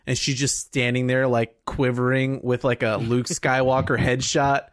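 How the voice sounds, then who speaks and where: A man's voice: mid-range voice, level tone, normal speed, no room sound, clean studio sound. A man co-hosting a podcast in casual chat, joking, laughing often and acting out lines. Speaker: podcast co-host.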